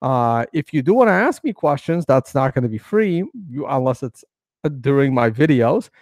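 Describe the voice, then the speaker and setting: This man hosts a laid-back crypto trading video, wandering through chart analysis with lots of fillers and false starts. He speaks at a normal speed in a mid-range, darkish voice and is very animated. It's a studio-quality recording without echo.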